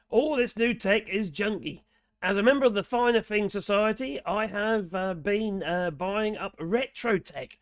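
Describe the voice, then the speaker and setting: A man with a Norfolk accent and a hoarse, gravelly voice, chatting casually on a live stream and reading out viewer comments in a rambling, muttering way. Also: high voice, unhurried, no room sound, studio quality. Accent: Norfolk English. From Norfolk, England. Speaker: livestream host reading chat.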